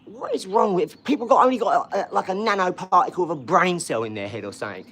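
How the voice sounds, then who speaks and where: A loud, swaggering man, his voice sitting a little high as he rails and mocks on a live stream. There's a faint background hum from the garage he's broadcasting from. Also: lively intonation, quick pace. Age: 40s. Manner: combative, loud and mocking; swaggering street slang. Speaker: livestream host. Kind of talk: ranting live stream chat.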